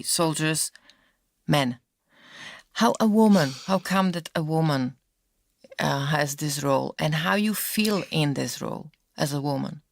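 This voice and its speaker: A woman asking interview questions in a halting way, searching for words. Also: deep voice, creaky, no echo, studio quality. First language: Slovak. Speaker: podcast host, interviewer.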